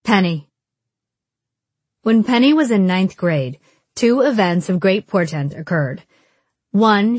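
A female audiobook narrator with a middle-pitched voice tells the story in an even, wry manner. The recording is close and dry. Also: no room sound. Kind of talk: scripted narration.

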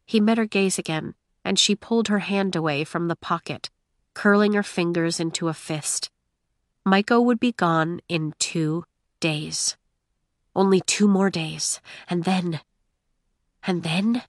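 A woman narrating a story in a measured, gentle storytelling voice. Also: on the low side, no room sound, studio quality. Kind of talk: audiobook narration.

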